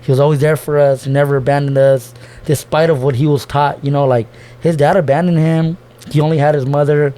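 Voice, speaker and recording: As a podcast guest, this young man gets emotional discussing his family, using slangy talk, dropping "bro" nonstop, cursing and starting sentences over. His voice is fairly high and dark in tone, level, and a little fast. It's a casual, heartfelt conversation.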